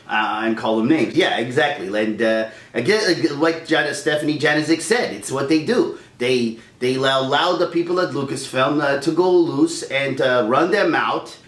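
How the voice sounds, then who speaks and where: A man's voice: mid-range voice, fairly bright tone. Ranting man in an echoey room. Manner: rambling, heated, with stammered restarts. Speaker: YouTube channel host. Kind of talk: casual ranting chat.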